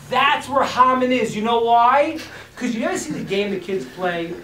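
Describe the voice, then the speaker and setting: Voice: mid-range voice, normal speed. A teacher giving an informal talk to a live audience, acting out quotes and joking with the room. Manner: animated, acts out quotes and jokes with the room. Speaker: teacher of a class. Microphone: distant from the mic. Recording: echoey room, distant mic, faint hiss.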